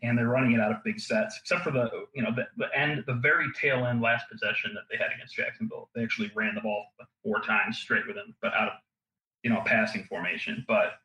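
A man talking as a guest analyst on a casual sports podcast, wry and quick to laugh. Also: mid-range voice, fairly even intonation, pushed and bright, echoey room, low-quality recording.

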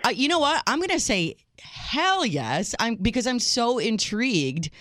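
Lively laughing female radio co-host. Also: a little high, unhurried, dry recording, clean studio sound. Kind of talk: call-in radio show.

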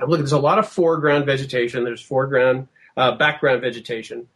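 A man recounting a tense field investigation in casual storytelling, lively and quoting himself, with frequent restarts. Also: medium pitch, fairly quick. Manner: animated, acts out quotes, many restarts.

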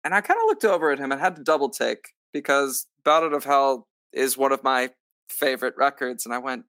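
A man, a stage actor, telling a story in a casual interview, lively and acting out what others said, with lots of filler "like"s. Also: mid-range voice, a little fast, no echo, studio quality. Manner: animated, acts out quoted lines; many filler likes. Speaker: musical theater actor, guest.

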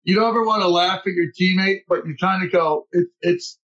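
Playful self-mocking man, slightly high voice. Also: a little fast, a bit bright, dull audio. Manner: playful, self-mocking, laughs while telling stories. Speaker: podcast guest, former relief pitcher. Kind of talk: casual storytelling chat.

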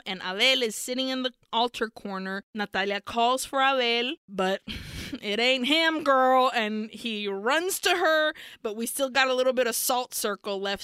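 Woman podcast co-host, animated swearing recap, bright and crisp. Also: fairly high pitch, dry recording, studio quality. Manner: animated, profane storytelling. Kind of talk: casual film recap.

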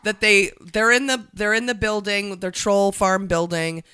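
A playful woman co-host who laughs often and keeps a bright, crisp tone. The sound is dry and close to the mic. Her banter is quick. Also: mid-range voice, dry recording. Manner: giggly, playful, mimics voices. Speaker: podcast co-host. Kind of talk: casual chat.

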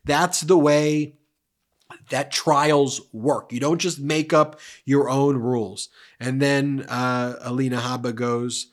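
A man's voice: medium pitch, slow. Man recapping a trial, mocking tone. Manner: animated, mocking storytelling. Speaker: legal commentary host. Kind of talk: casual commentary recap.

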